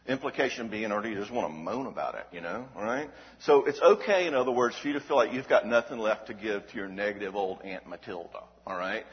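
A man's voice: lowish voice, fairly quick. A man giving an emphatic Christian teaching talk, asking rhetorical questions and checking in with "all right?". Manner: animated, emphatic delivery. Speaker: Christian speaker on emotional health. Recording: dull recording with long hall reverb.

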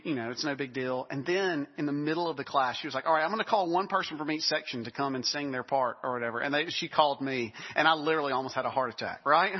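A man's voice: medium pitch, husky. Guy preaching a sermon, chatty and self-deprecating, echoey church hall, kinda muffled. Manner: conversational, self-deprecating asides.

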